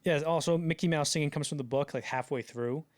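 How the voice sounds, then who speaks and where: A young man co-hosting a podcast in casual chat, talking animatedly and jumping into loud acted-out quotes. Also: on the high side, a little fast. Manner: animated, acts out quotes in bursts, many fillers. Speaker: podcast co-host.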